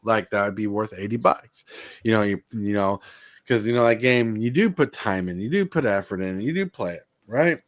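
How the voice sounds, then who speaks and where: A man's voice: expressive, normal speed, no room sound. A man co-hosting a casual podcast chat, rambling with lots of fillers and repeated words. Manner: rambling, repeats himself, gets defensive and shrill. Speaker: podcast co-host.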